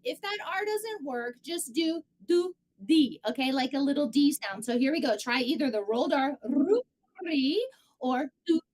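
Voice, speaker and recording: A woman singing teacher leading a live group voice lesson, coaching warmly and singing warm-up syllables to demonstrate. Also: high voice, expressive, normal speed, rough recording. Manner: encouraging, coaching between sung vocal drills.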